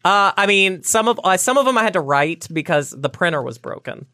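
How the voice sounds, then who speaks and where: A woman's voice: on the low side, expressive, a little fast, pushed and bright, no room sound, clean studio sound. A woman chatting casually with a co-host, giggly and playful. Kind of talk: casual chat.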